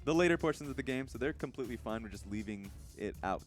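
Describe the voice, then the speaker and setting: A man's voice: medium pitch, animated, fast, soft background music. A man analysing esports on a desk show, rambling and correcting himself as he goes.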